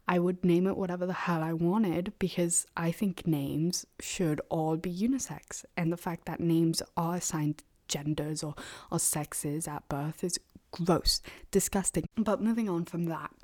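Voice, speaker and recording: A woman's voice: on the low side, steady tone, a little slow, a little mellow. A young woman hosting a solo podcast, rambling bluntly and sarcastically and often dropping into a half-whisper. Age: young adult. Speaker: podcast host. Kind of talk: casual solo podcast monologue.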